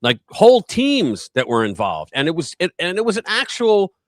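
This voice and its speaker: A man hosting a casual political live stream, talking in an animated, rambling way and acting out quotes in a raised voice. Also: high-pitched, normal speed, dry recording.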